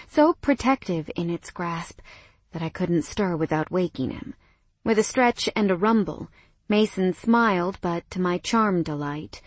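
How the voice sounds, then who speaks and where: A young adult woman reads a first-person romance audiobook softly and intimately in a mid-range voice, frequently sinking to a whisper. There's no echo.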